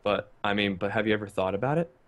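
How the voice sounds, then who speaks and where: A man with a fairly low, fairly bright voice speaks quickly as a podcast co-host in casual chat. He explains an idea in a meandering way, full of fillers and restarts.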